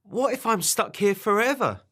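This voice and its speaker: A man voicing a grumpy little girl animal in a bedtime storybook, with a high bratty voice. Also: animated, moderate pace, a bit bright, breathy edge, exaggerated voice. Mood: cross.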